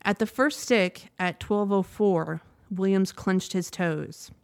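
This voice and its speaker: A woman reading a news report aloud in a measured, steady way, now and then stopping to correct a word. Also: mid-range voice, creaky. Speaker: news reader.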